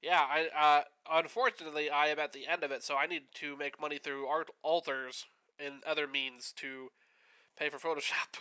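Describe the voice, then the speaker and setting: A man's voice: fairly high pitch, fairly even intonation, moderate pace, sharp tone, smooth. A man hosting a stream, chatting in a rambling, easygoing way while he paints. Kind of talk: casual chat while painting. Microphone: streaming setup.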